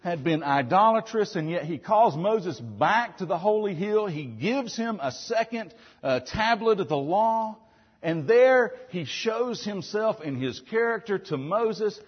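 A man's voice: high-pitched, measured pace, slightly rough, long reverb tail, highs cut off. A man preaching a sermon as a pastor, asking the congregation frequent questions. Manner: asks the congregation frequent questions, with animated emphasis.

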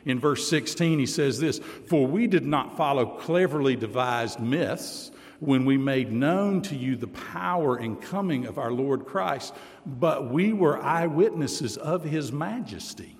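A male pastor delivers a sermon at a deliberately slow pace, reading scripture and letting key words sink low for emphasis. His voice rings out with the long reverb of a church hall. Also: lively intonation. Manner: deliberate preaching, slows and drops low for emphasis, reads scripture aloud.

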